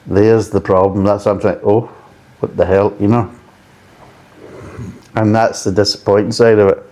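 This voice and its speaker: Blunt, swearing man with a mellow voice. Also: on the low side, level tone, normal speed. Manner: blunt, exasperated, swearing freely. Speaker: beer reviewer. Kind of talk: casual beer review.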